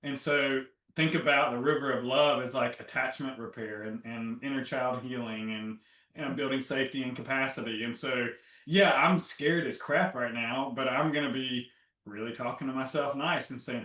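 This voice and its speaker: A man being interviewed about his healing, animated and acting out his own inner dialogue. His voice is bright and forceful. It comes from a little off the mic in an echoey room. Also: medium pitch, normal speed. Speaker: guest, health coach. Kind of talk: casual interview talk. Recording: roomy, from a distance.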